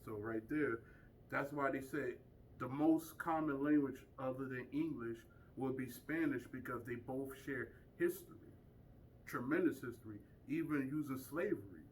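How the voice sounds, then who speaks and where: A man's voice: medium pitch, normal speed, a little hiss or hum. Emphatic man lecturing from a distance. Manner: emphatic, asks rhetorical questions. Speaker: community speaker teaching a group. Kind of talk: informal lecture to a small audience.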